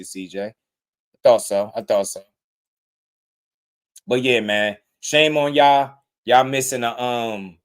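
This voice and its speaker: A man hosting a live boxing talk stream, talking in a loose, slangy way and often repeating words as he thinks. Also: mid-range voice. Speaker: boxing talk show host. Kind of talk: casual livestream commentary.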